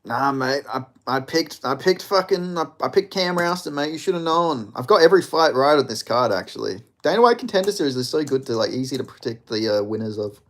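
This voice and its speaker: Excitable Australian man reacting to fights. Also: mid-range voice, a little fast, hardly any pauses. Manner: excitable, profane, shouts at big moments. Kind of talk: live watch-along fight reaction.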